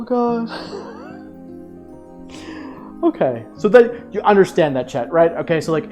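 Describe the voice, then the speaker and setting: Lively young man telling a story. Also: a little high. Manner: animated, laughing, swearing. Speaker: streamer. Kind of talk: casual storytelling to chat.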